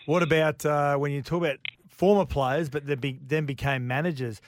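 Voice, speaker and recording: Teasing Australian radio host. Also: male voice, fairly high pitch, steady tone, moderate pace, slight background noise. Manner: teasing, prompting questions. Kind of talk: casual radio chat. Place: radio studio.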